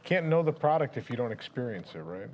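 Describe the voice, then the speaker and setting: A man's voice: medium pitch, big pitch swings, fast talker, slight background noise. A man hosting a casual interview, chiming in with short, enthusiastic fan remarks. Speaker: interview host.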